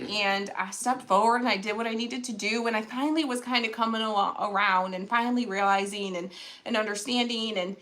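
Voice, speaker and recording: A woman's voice: on the high side, fairly bright tone. A woman, earnestly telling a personal story to her viewers. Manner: emotional, earnest, addresses viewers as y'all. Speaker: craft channel host.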